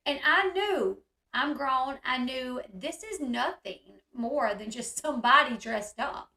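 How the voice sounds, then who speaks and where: A woman hosting casual commentary on a video, talking in an animated way and acting out the yelling she describes. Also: sits high, moderate pace, reverberant. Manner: animated, reacts loudly, acts out quoted yelling. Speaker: commentary host.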